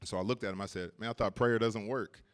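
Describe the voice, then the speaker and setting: A man's voice: fairly low pitch, steady tone, fast, a little hiss or hum. A man preaching at a church service, telling a personal story in a casual way, laughing often and repeating words as he goes.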